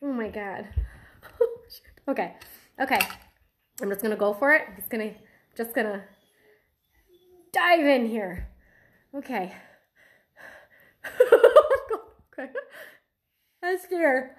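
A woman's voice: a little high, animated, unhurried, long pauses, fairly bright tone. A woman vlogging to the camera as she tries a strange food, nervous and giggly, laughing through her fear. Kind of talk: casual food-tasting vlog.

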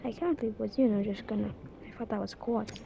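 A young woman giving casual, chatty commentary as she plays a game, with quick excited exclamations. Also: mid-range voice, gravelly, noisy background. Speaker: gamer. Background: game music.

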